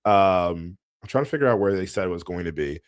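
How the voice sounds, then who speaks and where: Low-voiced rambling man on a podcast. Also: animated, fairly quick. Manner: rambling, laughs often, many fillers. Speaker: podcast co-host. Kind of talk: casual chat.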